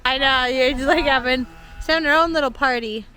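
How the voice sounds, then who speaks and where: A woman chatting with a friend, excitedly calling out to the dogs and laughing often. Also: sits high, fairly quick. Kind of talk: casual chat.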